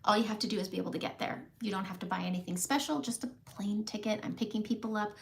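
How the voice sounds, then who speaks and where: Woman vlogger, casual heartfelt talk to camera, teary and laughing by turns, mid-pitched voice. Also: steady tone, fast talker, gravelly, a little hiss or hum. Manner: emotional, tearful at times, laughs often. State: close to tears. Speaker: makeup vlogger.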